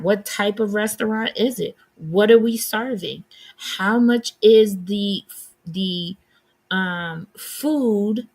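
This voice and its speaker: A woman's voice: medium pitch, slightly rough. A woman hosting a live stream, giving blunt, sassy commentary and answering her chat. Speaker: livestream host.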